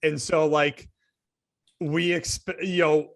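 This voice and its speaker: A man's voice: fairly high pitch, level tone, takes it slowly, no room sound, clean studio sound. A man co-hosting a casual sports panel discussion, thinking aloud in rambling sentences with many restarts. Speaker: co-host.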